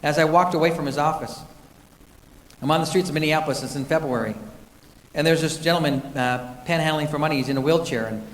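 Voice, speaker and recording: A man with a slightly high voice, speaking quickly, shares a personal faith testimony earnestly, often restarting. He is recorded from a distance in an echoey hall.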